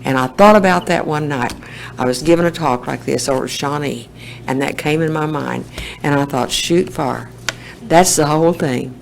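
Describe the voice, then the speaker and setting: A woman gives a personal testimony at a recovery meeting. Her voice is gravelly, and she tells her story in a plain, homespun way. A faint hiss sits behind her. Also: low-pitched, a little fast, poor audio.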